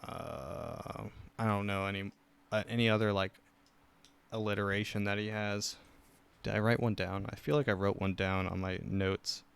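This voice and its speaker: Rambling young man, low smooth voice. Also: little pitch movement, moderate pace, a bit bright. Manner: rambling, trails off, many fillers and restarts. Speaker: podcast host. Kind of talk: casual chat.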